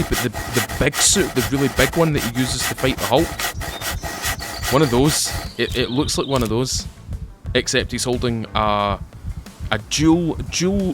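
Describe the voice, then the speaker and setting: Over a noisy background, a man with a medium-pitched voice and a Scottish accent chats loosely to his audience during a game. This gaming YouTuber keeps looping back, repeating and restarting what he says.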